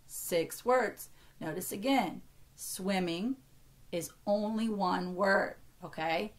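A woman's voice: medium pitch, drawn-out words, fairly bright tone. An American woman in her thirties, a teacher giving an early-grade reading lesson and carefully sounding out words for young children. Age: 30s.

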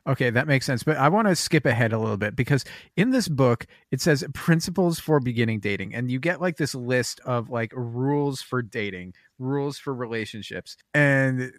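A man's voice: mid-range voice, expressive, normal speed, hardly any pauses, no room sound, studio quality. A man co-hosting a podcast in casual chat. He hesitates and wanders as he reads passages aloud and comments on them. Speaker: podcast co-host.

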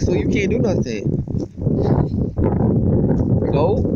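A man's voice: on the high side, huge pitch swings, moderate pace, gravelly, highs cut off, heavy background noise. A young man in casual phone talk who taunts and swears, often stuttering and repeating words. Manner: taunting and profane, with many stammered repeats. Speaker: vlogger.

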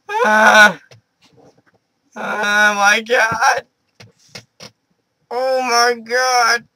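A woman narrating her game as she plays, melodramatic, shouting and wailing in panic. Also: medium pitch, very slow, pauses often. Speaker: let's-play gamer.

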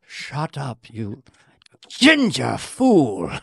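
A man's voice: mid-range voice, wildly swooping pitch, very slow, gravelly, a bit bright, slightly rough, no echo, studio quality, heavily acted. A comedian doing a mocking impression of a haughty, bossy woman who scolds her husband. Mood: scornful. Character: bossy haughty woman, a spoof of a royal's wife.

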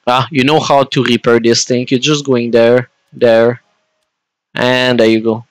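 Gaming streamer, male, French Canadian accent; slow, smooth, rambling chat to viewers. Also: mid-range voice, little pitch movement, no room sound. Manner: rambling and chatty, talks to viewers while playing. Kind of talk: casual gameplay commentary.

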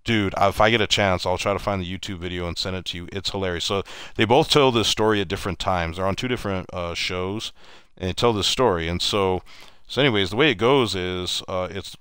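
Man, very low voice, smooth and resonant, casual rambling gameplay chat, restarts sentences often. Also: a little fast, a bit bright, no room sound, clean studio sound. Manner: mimics other people in raised voices when retelling stories. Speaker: streamer. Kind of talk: casual storytelling over gameplay.

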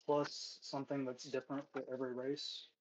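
A man's voice: mid-range voice, flat delivery, normal speed, highs cut off. A man running a tabletop game as game master, casual and loose with many fillers.

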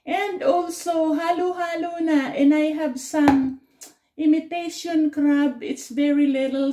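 A woman's voice: high voice, dark tone, roomy sound. A Filipina woman from the Bicol region, chatting casually on her cooking and mukbang vlog and saying "yes" again and again. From Bicol region, Philippines. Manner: chatty, repeats "yes" often, slow deliberate speech. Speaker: vlogger.

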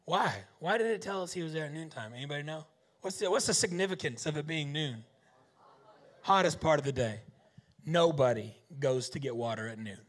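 A man preaching a lively sermon, joking and firing rhetorical questions at the audience. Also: fairly high pitch.

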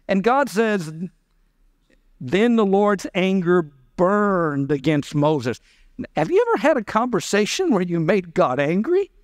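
A male pastor delivering a sermon with a high, smooth and resonant voice. He acts out the voices of scripture characters as he preaches. The sound is dry and close, with no room echo. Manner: preaching, acting out the voices of God and Moses. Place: church.

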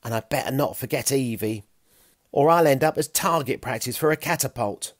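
A man's voice: mid-range voice, moderate pace, dry recording, studio quality, natural voice. A man voicing a clever, cheeky Stone Age boy who chatters in a self-satisfied way. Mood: chatty.

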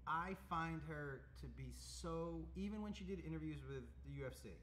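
A man co-hosts a podcast in casual chat, answering with short reactions and questions. His voice is bright, sits fairly high, and carries a faint hiss behind it. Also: moderate pace. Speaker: podcast co-host.

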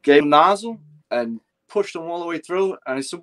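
An older man with a New York accent telling animated, profane stories of his firefighting days, acting out what others said. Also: a little high, fast talker. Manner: profane, animated anecdotes with acted-out quotes. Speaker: guest, retired fire lieutenant. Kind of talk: casual storytelling chat.

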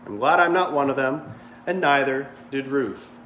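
A man's voice: medium pitch, normal speed, fairly bright tone, a little hiss or hum. A male pastor preaching a sermon in a church, conversational and full of jokes. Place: church sanctuary. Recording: echoey church hall.

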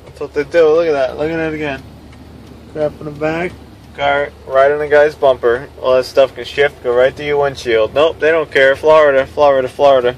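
A man's voice: fairly high pitch, steady tone, a little fast, rough recording. Man, tow truck driver, sarcastic griping commentary, talking from the cab, faint engine noise behind. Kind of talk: casual vlog chat while driving.

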